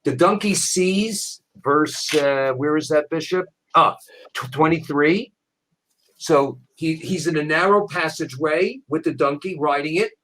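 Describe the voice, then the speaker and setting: A man, a rabbi, teaching a Bible passage in conversation, animated, repeating words as he restarts. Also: a little high, unhurried, a little hiss or hum, low-quality recording. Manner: animated storyteller with frequent restarts.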